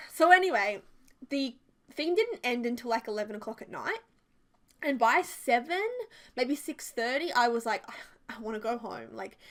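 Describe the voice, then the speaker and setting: Young Australian woman, high voice, casual rambling storytime, laughs a lot. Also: a bit bright. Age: 20s. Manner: chatty, rambling, quick to laugh, many "like"s. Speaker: Sims speed-build vlogger. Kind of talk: casual storytime over a speed build.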